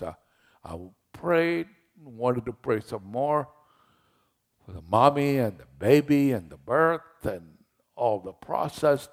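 A man's voice: medium pitch, gravelly, darkish tone. A man as pastor, giving a conversational sermon that retells scripture in everyday words.

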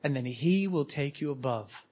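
A man preaching to a live audience, telling stories with animated emphasis. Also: mid-range voice, normal speed. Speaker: guest preacher. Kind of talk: storytelling sermon.

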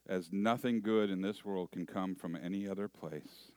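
A man's voice: low voice, steady tone, a little slow, a little mellow, clear, resonant tone, dry recording, studio quality. A man preaching a sermon, telling a story with acted asides and asking the congregation questions. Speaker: pastor.

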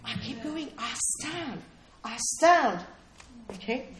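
A woman's voice: fairly high pitch, very animated, takes it slowly, roomy sound, crowd noise. A woman preaching a sermon in a conversational way, often checking in with listeners and asking them questions. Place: room with a small responding audience.

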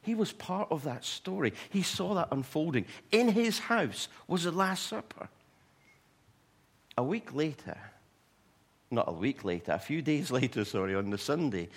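Husky man preaching with lively storytelling. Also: on the high side. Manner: animated, humorous asides to the congregation. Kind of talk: sermon storytelling.

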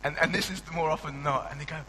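Bright-voiced young pastor preaching. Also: male voice, fairly high pitch, very fast, big-room sound, slight background noise, low-quality recording. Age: young adult. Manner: conversational and animated, with frequent restarts and playful asides. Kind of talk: sermon.

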